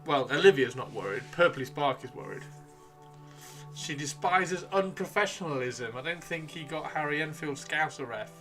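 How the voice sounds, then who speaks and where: A man's voice: a little high, lively intonation, moderate pace, bright, forceful tone, faint music behind. A man chatting casually on a live stream while painting miniatures, rambling and playfully teasing his chat.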